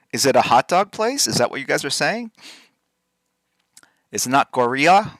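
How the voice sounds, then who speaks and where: A man hosts a live drawing stream, chatting casually and playfully with his chat as he works, teasing them and repeating words to practice saying them. His mid-range voice is a bit bright with big pitch swings, a moderate pace, and long pauses. The studio sound is clean, with no room sound.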